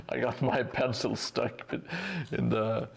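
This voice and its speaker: Gravelly, flat-voiced male hobby streamer. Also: mid-range voice, slight background noise. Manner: rambling, self-mocking, many fillers and restarts. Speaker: streamer building a tabletop terrain board. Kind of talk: casual live-stream chat while painting. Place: hobby workspace at home.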